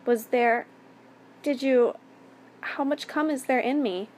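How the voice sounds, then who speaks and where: A woman voicing a frightened young woman in a spoken story, pleading in halting, stammering phrases. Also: a little high, fairly even intonation, a little mellow.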